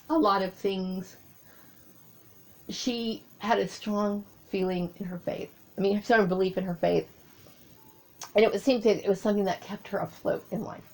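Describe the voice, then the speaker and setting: A woman talking through a personal memory in a rambling monologue, often pausing to search for her words. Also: medium pitch, a little mellow, low-quality recording.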